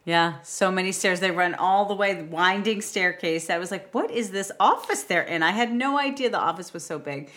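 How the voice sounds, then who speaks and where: A woman's voice: medium pitch, fairly quick, few pauses, fairly bright tone. A woman co-hosting a podcast, casually recapping a film's plot and quoting its characters. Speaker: podcast co-host. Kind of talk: casual film discussion.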